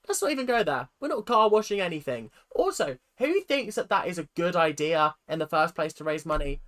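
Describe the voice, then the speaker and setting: A woman with a British accent hosting a reaction video, ranting in an animated, sarcastic and exasperated way. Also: lowish voice.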